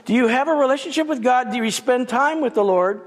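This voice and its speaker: In a church sanctuary with a long reverb, a guest preacher speaks briskly at an extremely high pitch. His sermon stays conversational, broken up by funny asides.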